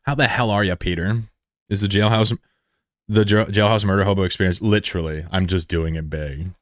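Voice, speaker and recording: Young male streamer, deep and dry, loose, profane banter. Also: steady tone, brisk, no room sound. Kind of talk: casual live-stream chat.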